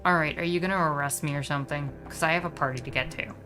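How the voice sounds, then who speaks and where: A woman voicing a sarcastic young adult cat woman from a video game, tossing off flippant quick retorts. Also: low-pitched, music in the background, close to an everyday voice. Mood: snarky.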